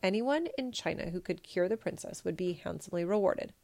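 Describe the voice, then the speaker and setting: Woman storybook reader, measured and gentle, slight vocal fry. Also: lowish voice, lively intonation. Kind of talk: storybook read-aloud.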